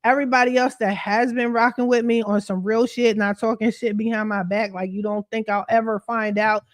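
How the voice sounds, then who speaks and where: A woman's voice: fairly high pitch, little pitch movement, a little fast. A woman credit repair coach talking straight to her followers on a livestream, venting bluntly with plenty of profanity and streetwise slang. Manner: streetwise slang, addresses viewers directly.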